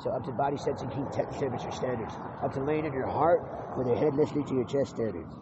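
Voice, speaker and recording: Speaking fast at a medium pitch, a man goes on a rambling monologue full of repeated words, frequent restarts and free-flowing profanity. Background noise is clear in the muffled, lo-fi recording.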